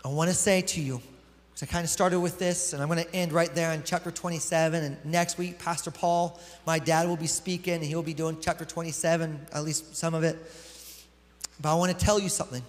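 A man with a high voice preaches a sermon, reading scripture and then talking it through in a relaxed, conversational way. His voice rings out with a long hall reverb, as in a church hall. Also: fairly quick. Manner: reads scripture aloud, then explains it conversationally. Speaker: pastor.

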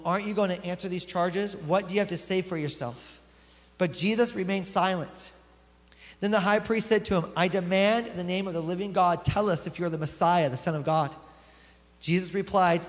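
A man preaching a sermon as pastor. He reads scripture aloud, then explains it in a conversational way. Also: high-pitched. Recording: long hall reverb.

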